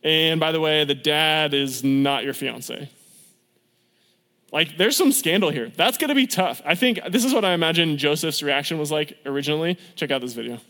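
A man's voice: a little high, moderate pace, pushed and bright. A young adult man preaching a casual storytelling sermon as a youth pastor, upbeat and conversational, acting out quotes from his stories. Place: church sanctuary. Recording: church hall reverb.

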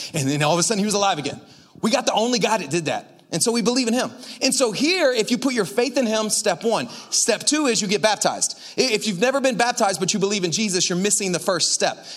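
A male pastor preaching a casual sermon, energetic and chatty with lots of asides to the congregation. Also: sits high.

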